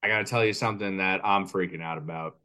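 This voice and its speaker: Male podcast co-host, low register, chatty animated storyteller. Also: fast. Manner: animated storytelling, acts out kids and cashiers. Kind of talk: casual chat.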